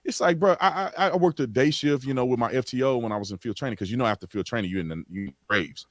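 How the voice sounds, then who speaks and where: A man's voice: mid-range voice, fast, dry recording, clean studio sound. A man who is a former police officer, answering interview questions in a frank, plain-spoken way with casual slang.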